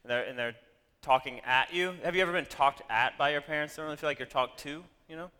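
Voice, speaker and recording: A man with a slightly high, bright and crisply resonant voice tells a story to an audience. He keeps it animated and drops wry, self-deprecating asides. His words ring out with a long hall reverb. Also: quick pace.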